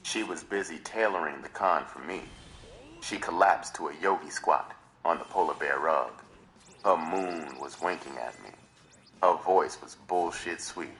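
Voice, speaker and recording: A man's voice: extremely low pitch, a little slow, fairly bright tone, soft background music. A man reading a novel aloud on a live stream in dramatic first-person narration. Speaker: reader.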